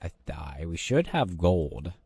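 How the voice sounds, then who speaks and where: Low-voiced man muttering through gameplay. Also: big pitch swings, takes it slowly, a little mellow, husky. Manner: muttering to himself, joking and self-mocking. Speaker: gaming channel host. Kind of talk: casual gameplay commentary.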